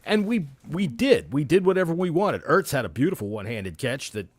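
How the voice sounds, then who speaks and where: A man's voice: a little high, sing-song, fairly quick, breathy edge, no room sound. A man hosting a casual sports podcast, ranting and swearing freely. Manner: profane, ranting, mock announcements. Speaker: podcast host.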